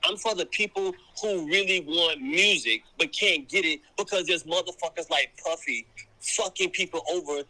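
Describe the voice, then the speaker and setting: Fired-up man ranting, fairly high voice. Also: normal speed, bright, forceful tone. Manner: heated, profane, emphatic repetition. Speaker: commentator. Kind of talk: impassioned monologue to camera.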